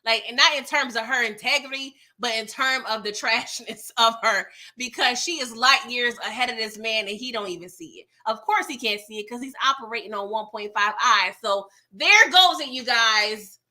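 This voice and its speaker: In this casual recap commentary, a female TV episode reviewer sounds pushed and bright, with a fairly high pitch, moderate pace and few pauses. She runs through the episode in a chatty, exasperated way, laughing at scenes and addressing viewers by name.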